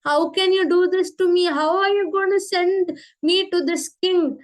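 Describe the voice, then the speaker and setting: A woman's voice: very high voice, fairly even intonation, unhurried. A woman voicing a tearful, pleading female sacred cow.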